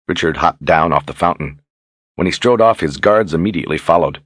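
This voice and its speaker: A man reads a fantasy novel aloud in a steady, even storytelling manner. His voice sits very low with a husky grain, captured dry and close on a studio mic. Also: fairly quick, dry recording. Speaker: audiobook narrator. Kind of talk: scripted narration.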